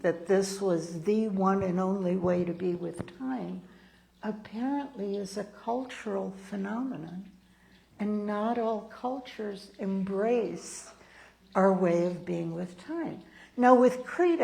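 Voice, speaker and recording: A woman's voice: mid-range voice, creaky, darkish tone, low-quality recording. A woman in her sixties, a minister, giving a sermon and telling personal stories, acting out the people she quotes. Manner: slow, storytelling, acts out quoted people. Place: church sanctuary.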